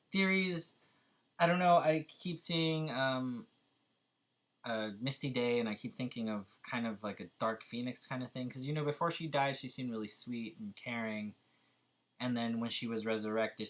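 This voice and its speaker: A man's voice: lowish voice, a bit bright. A young man with a Californian accent, chatting casually as a vlogger answering viewer questions, hesitant and full of fillers. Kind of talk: casual chat.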